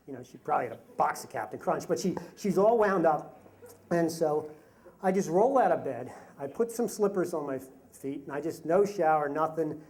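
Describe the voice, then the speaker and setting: Man, fifties, live storyteller, self-deprecating, halting restarts, chuckling asides. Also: fairly high pitch, lively intonation, darkish tone. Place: stage before a live audience.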